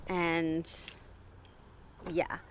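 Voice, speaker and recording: A woman's voice: on the low side, completely flat delivery, extremely slow, heavy background noise. Chatty young woman telling a story. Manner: chatty, heavy use of "like" fillers. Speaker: hairstylist vlogger. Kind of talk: casual storytelling to camera.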